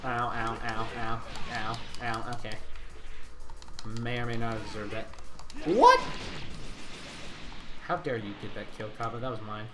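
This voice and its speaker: A young man hosting a gaming channel, giving excitable live commentary on his gameplay and yelling taunts at the enemies. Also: mid-range voice, normal speed, over music.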